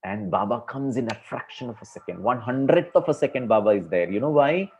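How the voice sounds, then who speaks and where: A man's voice: medium pitch, lively intonation, brisk, a little mellow, breathy edge. A man giving a conversational spiritual discourse to a class, using many fillers. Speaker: spiritual speaker. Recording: dull lo-fi recording.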